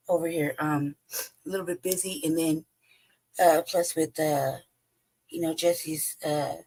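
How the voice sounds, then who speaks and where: A woman hosting a livestream in a casual, rambling way, hoarse from losing her voice and often pausing to search for words. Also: low voice, a little mellow, poor audio. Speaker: host. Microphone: home streaming setup.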